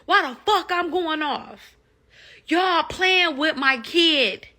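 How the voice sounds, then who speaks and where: A woman's voice: high-pitched, slow, pushed and bright. A woman venting as an angry mother in a social media rant, heated and cussing, repeating herself while upset.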